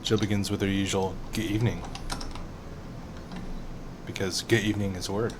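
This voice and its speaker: A man's voice: deep voice, level tone, quick pace, noisy background. A man streaming a game playthrough, commenting in a laid-back, joking way.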